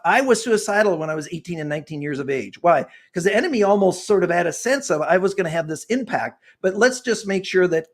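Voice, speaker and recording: A man's voice: high-pitched, lively intonation, quick pace, few pauses. A man in his sixties, a guest author speaking in an interview, earnest and fervent, talking like a preacher. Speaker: guest author and personality expert. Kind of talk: passionate interview talk.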